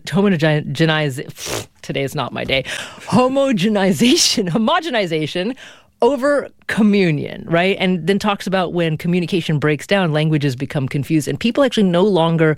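A radio talk show host interviewing a guest in a curious, lively way. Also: medium pitch, dry recording, studio quality. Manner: lively, curious, self-deprecating.

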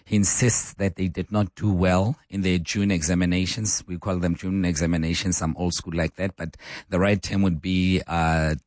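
Deep, hoarse South African radio host. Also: male voice, level tone, normal speed, a little mellow, dry recording, clean studio sound. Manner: chatty, asks listeners questions. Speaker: radio talk show host. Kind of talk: call-in talk radio. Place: radio studio.

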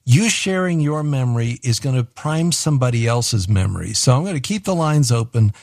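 A man's voice: mid-range voice, expressive, fairly quick, vocal fry, a little mellow, dry recording, studio quality. A man hosting a call-in radio show, reading listener messages and encouraging callers in a reflective way. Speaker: radio host. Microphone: studio microphone.

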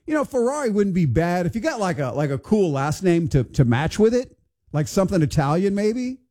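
A man's voice: on the high side, warm tone. A man hosting a morning radio show, chatting casually and wondering aloud in a bemused, conversational way. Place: radio studio.

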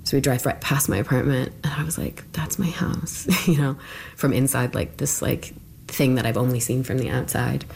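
A woman's voice: extremely low pitch, fairly even intonation, a little fast, creaky, a little hiss or hum. A woman being interviewed, telling her story in a casual, conversational way with lots of filler words. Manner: conversational, with frequent "like" fillers and quiet asides.

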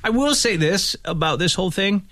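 A male radio host trading jokes with his co-host, his voice bouncing with lively pitch. The sound is dry and close, straight off a studio mic. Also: moderate pace, no room sound. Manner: joking, teasing. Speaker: radio morning show host. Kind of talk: casual radio banter.

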